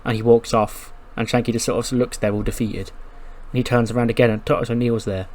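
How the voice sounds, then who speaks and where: Brief: casual male game commentator, animated and profane, middle pitch. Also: fairly quick. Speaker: gaming commentator. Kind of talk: casual let's-play commentary.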